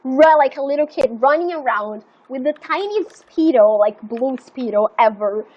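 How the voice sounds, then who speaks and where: Young female streamer, high voice, chatty and rambling, swears freely, slightly muffled audio. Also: moderate pace. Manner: rambling and animated, full of "like" and swearing. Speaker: live streamer. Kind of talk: casual storytelling chat.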